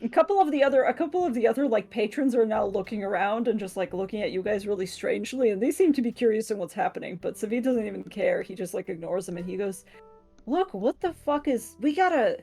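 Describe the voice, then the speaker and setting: A woman's voice: medium pitch, quick pace, vocal fry, few pauses, dark tone, breathy edge, soft background music. A woman narrating as game master in a casual online tabletop game, chatty and full of fillers.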